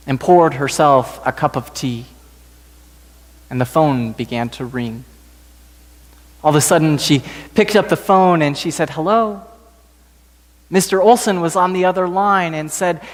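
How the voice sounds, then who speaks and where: Brief: male preacher, measured gentle storytelling, slightly high voice, long church reverb. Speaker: pastor. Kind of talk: storytelling sermon. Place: church sanctuary.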